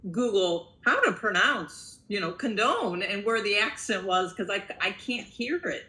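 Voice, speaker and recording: A woman's voice: mid-range voice, lively intonation, measured pace, pushed and bright. A woman workshop participant asking puzzled questions. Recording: echoey room.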